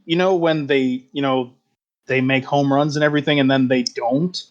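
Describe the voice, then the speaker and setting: A man's voice: medium pitch, fairly even intonation, normal speed, muffled recording, close to an everyday voice. Guy doing a dopey chill critter that eats birds, rambly, sometimes speeds up. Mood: rambling. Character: goofy bird-eating creature, laid-back sports fan.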